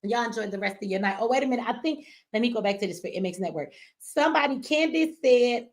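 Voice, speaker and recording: A woman's voice: on the high side, animated, quick pace. A woman hosting a casual live stream from home, chatty and slangy, cussing and reading viewer comments aloud. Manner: chatty, slangy, cusses and laughs often.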